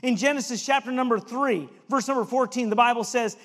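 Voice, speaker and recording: A man's voice: extremely high pitch, fairly quick, few pauses, fairly bright tone, long reverb tail. A male preacher giving an emphatic sermon and reading scripture aloud.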